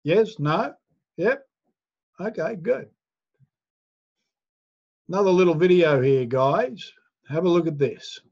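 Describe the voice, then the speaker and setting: Slow, persuasive male sales trainer. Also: on the high side, expressive, vocal fry, darkish tone, breathy edge, highs cut off. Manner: persuasive, asks the listener for agreement. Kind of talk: teaching a sales class.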